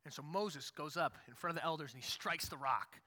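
A pastor delivers a sermon like he's telling a story, casual and animated, with a high, very bright voice and a brisk pace. Each phrase trails off into a long hall reverb.

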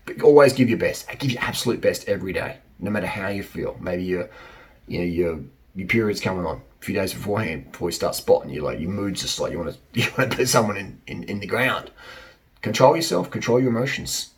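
A man's voice: sits low, lively intonation, fairly quick. Blunt, jokey man giving dating advice. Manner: blunt, jokey, repeats points with laughs. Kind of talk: casual advice monologue.

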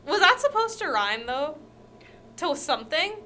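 Woman co-host, very bright, playful, teasing banter. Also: high voice, sing-song, a little slow. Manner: playful, teasing, echoes her partner's words. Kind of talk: casual chat.

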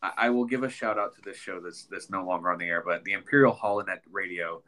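A man's voice: sits low, fast, bright, forceful tone. A man co-hosting a podcast in casual chat, congested and nasal from a sinus infection, rambling with many ums and restarts. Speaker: podcast co-host.

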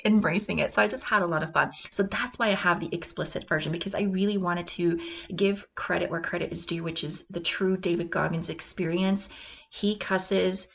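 Upbeat woman hosting a fitness podcast. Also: lowish voice. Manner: energetic, upbeat, laughs often; breaks into gruff chanted quotes for emphasis. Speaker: podcast host. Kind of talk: motivational podcast monologue.

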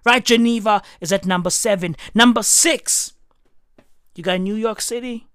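A woman's voice: medium pitch, moderate pace, smooth, no room sound, clean studio sound. A woman doing a profane comedic rant, heavy on slang, riffing and swearing constantly. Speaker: comedic commentator.

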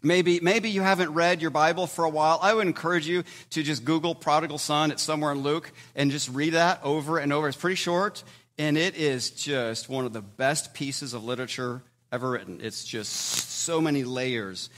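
A pastor speaks to his congregation in a loose, conversational sermon. His voice sits a little high for a man, and he jumps into loud, emphatic bursts before dropping back to a quieter tone. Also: normal speed.

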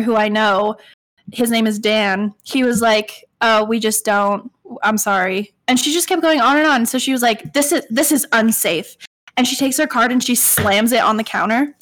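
Young female co-host, chatty storyteller, slightly high voice, lots of fillers. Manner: animated, quotes people with "I was like", frequent fillers. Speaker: podcast co-host. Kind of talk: casual storytelling chat.

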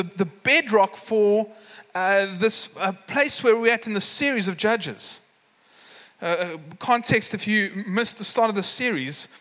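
A long hall reverb surrounds this South African pastor, whose voice is high-pitched, pushed and bright. His sermon unfolds as a story with acted voices and frequent filler words.

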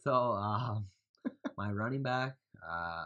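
A man casually talking through his fantasy football picks on a podcast, loose and quick to laugh. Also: on the low side, muffled recording, a crowd in the background. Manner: laughs easily, loose and joking. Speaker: podcast co-host.

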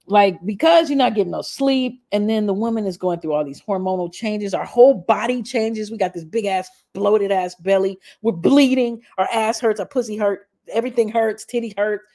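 Woman, gossip vlogger, blunt, cussing, mellow tone. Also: mid-range voice, moderate pace, hardly any pauses. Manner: blunt, heavy cursing, chatty asides. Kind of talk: casual profane commentary.

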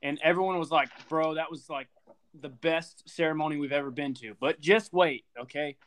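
A man's voice: fairly high pitch, normal speed, a crowd in the background. A man on a podcast telling a funny story in a casual, laughing way. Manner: laughing storyteller, says dude a lot. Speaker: podcast co-host. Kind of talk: casual chat.

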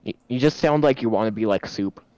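A man's voice: fairly low pitch, brisk, a little mellow, dry recording, dull audio. A man co-hosting a casual podcast, making wry, opinionated remarks. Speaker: podcast co-host. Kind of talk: casual joking chat among friends.

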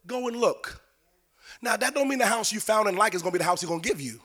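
A man preaching a sermon in a sing-song cadence that rises into shouting. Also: sits high, animated, very fast.

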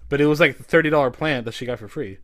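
A man's voice: fairly high pitch, racing, fairly bright tone, dry recording, clean studio sound. A man hosting a podcast, telling a long story in casual chat, full of fillers and swearing. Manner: rambling, heavy on "like" and swearing. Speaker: podcast host.

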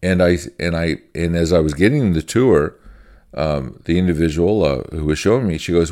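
A man's voice: deep voice, fairly quick, a little mellow. A man, a pastor, giving an informal church-history teaching in a conversational, folksy way, repeating phrases as he goes.

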